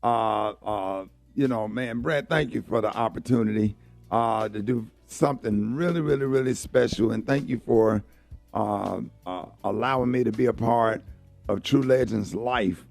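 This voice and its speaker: Gravelly radio host. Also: male voice, lowish voice, soft background music. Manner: effusive shout-outs, halting with many uhs. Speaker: morning radio show host. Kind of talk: casual morning radio talk.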